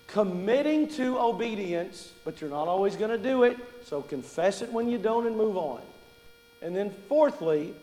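Male preacher, high voice, conversational sermon, questions to the congregation, roomy church hall. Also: a little mellow.

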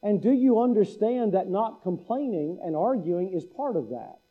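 A man's voice: sits high, expressive, normal speed, narrow, tinny audio. A middle-aged man preaching a sermon to his congregation in a folksy way, imitating the local speech of his listeners. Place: church hall.

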